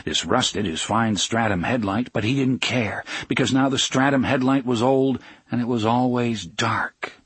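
A man narrating a children's storybook aloud with an expressive storytelling cadence. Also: medium pitch, unhurried, husky, no echo. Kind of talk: storybook reading.

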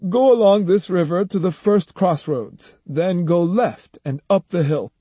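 A calm, wry grown man in an audiobook, firm but kind, as a male narrator voices him. His delivery is dry and amused, in a dark, husky tone heard up close and dry. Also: high voice, a little slow, no echo, pitched above the performer's own voice. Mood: steady. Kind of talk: audiobook character voice.

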